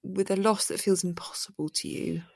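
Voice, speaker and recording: A woman podcast host asking reflective questions in a thoughtful, measured, gently probing way. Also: mid-range voice, flat delivery, creaky, husky, no room sound, studio quality.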